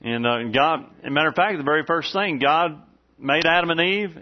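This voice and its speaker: A man's voice: medium pitch, lively intonation, normal speed. A man in his forties, a pastor giving a folksy, conversational sermon to a congregation in a church, with lots of "uh" fillers. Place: church sanctuary before a congregation. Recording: dull, slightly muffled recording.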